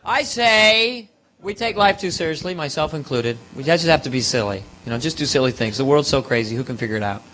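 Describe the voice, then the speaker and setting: A man's voice: on the high side, expressive, a little fast, fairly bright tone. A man doing a live stand-up comedy set on a club stage, playful and self-mocking.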